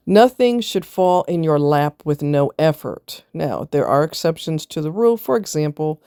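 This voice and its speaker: A woman with a low, mellow voice delivers blunt, preachy commentary to the camera. She fires off rhetorical questions and answers them herself. The recording is close and dry. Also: clean tone, dry recording. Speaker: vlogger. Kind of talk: casual commentary.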